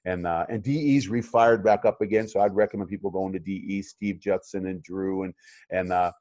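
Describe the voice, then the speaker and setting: A man's voice: low-pitched, steady tone, a little fast, warm tone, no echo. A middle-aged man, a chiropractor and coach, talking in a casual interview, rambling with many fillers and restarts.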